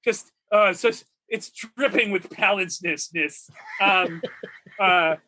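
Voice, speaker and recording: Man in his forties, high bright voice, rambling and excitable, laughs a lot, casual podcast chat. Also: takes it slowly. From Redlands, California. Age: 40s. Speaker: podcast co-host.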